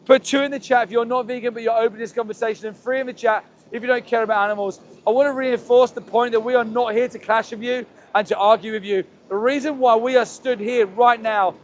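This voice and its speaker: High-voiced man pleading outdoors. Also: steady tone, fast, hardly any pauses, a little hiss or hum. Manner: pleading, repetitive, emotional. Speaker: activist livestream host. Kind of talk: impassioned live street commentary. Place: outdoors near a slaughterhouse.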